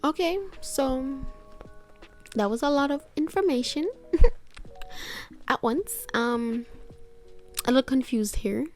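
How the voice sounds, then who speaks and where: A woman's voice: sits high, expressive, slow pace, long pauses, a little mellow, soft background music. A woman hosting a reaction video, talking casually and sounding exasperated, often repeating herself. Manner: chatty, exasperated, stammers and repeats.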